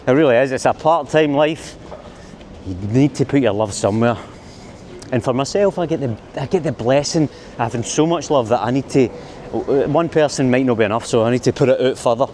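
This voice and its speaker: A Scottish man talks to his handheld camera as he walks a city street at night. He is chatty, friendly and quick to poke fun at himself. His pitch sits in an ordinary middle range, with faint street noise under his voice. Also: darkish tone. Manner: chatty, self-mocking, friendly. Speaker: vlogger. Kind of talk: walking-tour vlog narration. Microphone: handheld camera mic.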